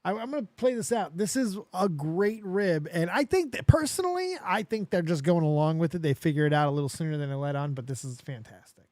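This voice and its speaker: High-voiced excitable stream host. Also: male voice, a little fast, no room sound, studio quality. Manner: chatty, excitable, laughs at clips. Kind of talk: casual live-stream commentary.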